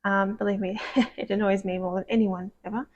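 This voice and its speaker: A woman giving a casual, rambling tarot card reading, gushing and soft-spoken, sometimes dropping to a whisper. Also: mid-range voice, level tone, a little fast, muffled recording. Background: dogs barking.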